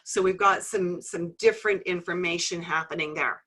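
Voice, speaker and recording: A middle-aged woman teaching a live webinar as an instructor, friendly and gently teasing, explaining things step by step. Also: lowish voice, moderate pace. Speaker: iridology instructor.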